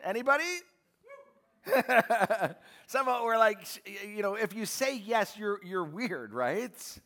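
A man preaching a sermon as pastor, emphatic and calling out to his congregation for answers, moving between quiet asides and shouted lines. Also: sits high, expressive, slow pace. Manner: emphatic, calls out to the congregation for responses.

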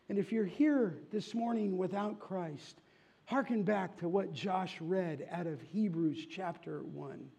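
A man preaching a sermon, telling a story slowly and rising in volume for its dramatic moments. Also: gravelly, husky. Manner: tells a story slowly, rising loud and high for shouted voices. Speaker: pastor.

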